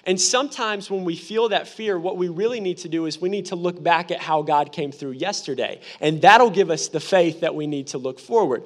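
A young man in his twenties, a pastor giving a lively, humorous sermon full of personal storytelling. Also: fairly high pitch, normal speed, few pauses. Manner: animated, humorous, conversational preaching.

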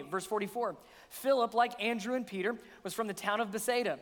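High-voiced preacher in a hall. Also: male voice, fairly quick. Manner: conversational, asks rhetorical questions. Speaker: pastor. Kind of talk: sermon.

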